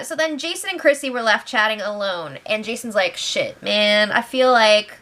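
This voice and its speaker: A young woman recaps from home in a casual, gossipy way, quick to laugh. Her voice sits a touch high and sounds bright and forward. She keeps slipping into animated impressions of the people she quotes. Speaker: reality show recap host. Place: home, with pets nearby.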